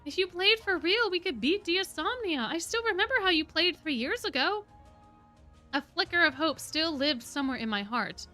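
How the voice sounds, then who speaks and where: A woman's voice: very high voice, expressive, moderate pace, pushed and bright, soft background music, pitched above the performer's own voice, exaggerated voice. A woman reading a brooding, defeated young lion beastman prince in a weary inner monologue from a novel. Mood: bitter, brooding.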